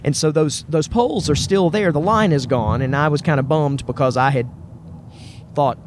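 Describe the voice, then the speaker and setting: A man's voice: on the high side, normal speed, noisy background. A man hosting a podcast, telling a personal story in a casual, enthusiastic and rambling way, often repeating himself and restarting phrases. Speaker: podcast host.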